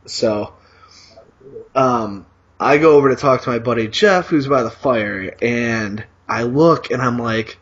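A man's voice: mid-range voice, a little slow, a bit bright, husky, highs cut off. A man co-hosting a podcast, telling a long story in a rambling, profane way with lots of fillers. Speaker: podcast co-host. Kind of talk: casual storytelling.

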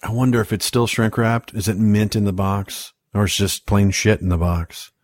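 A man co-hosting a casual podcast, cracking jokes and laughing readily. His voice sits lowish and sounds close and dry, with no room around it. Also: steady tone, dry recording. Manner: wisecracking, quick to laugh. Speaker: podcast co-host.

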